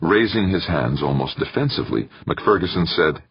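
A man narrating a story in an expressive, scripted manner. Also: rumbling low, moderate pace, breathy edge, no echo, dull audio. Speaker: audiobook narrator.

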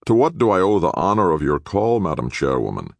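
A man voicing a wily older official who talks in a flat, dismissive, sometimes growling way. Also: sits low, normal speed, no echo, voice pushed up. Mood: dry cunning. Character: gruff, wily older male official protector.

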